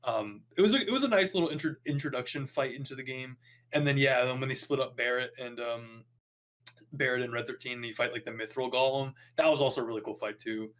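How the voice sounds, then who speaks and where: A man's voice: medium pitch, fast talker, a bit bright. A man chatting on a casual gaming podcast, rambling with lots of ums and restarts. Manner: rambling, filler-heavy.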